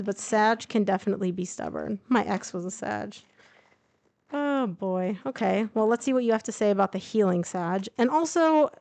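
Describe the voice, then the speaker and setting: A woman's voice: medium pitch, vocal fry, no echo. A woman casually reading tarot cards to camera, chatting and thinking aloud with fillers and asides. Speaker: tarot reader. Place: indoors, traveling.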